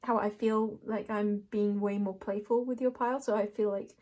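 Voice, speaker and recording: A woman's voice: medium pitch, fairly even intonation, normal speed, mellow. A young woman doing a casual card reading, playful and rambling, laughing often as she talks to herself and the viewer. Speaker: tarot reader.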